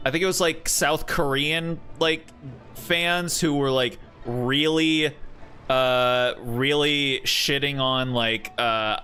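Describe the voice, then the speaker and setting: A laid-back young man chatting over his game stream, rambling slowly from one thought to the next with plenty of filler. His voice is bright and a little high, and faint music plays behind him. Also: smooth. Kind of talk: casual chat while gaming.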